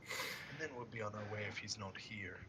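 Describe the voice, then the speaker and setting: A man voicing a quiet, menacing stranger in a tabletop game, speaking low and measured. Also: background noise, lightly acted. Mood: cold.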